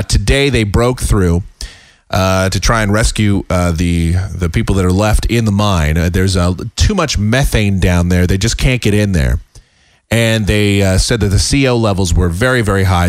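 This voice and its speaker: A man hosting a casual solo podcast, talking in a rambling way with many fillers, his voice a little raspy and tired. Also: deep voice, no echo, studio quality. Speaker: podcast host. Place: home.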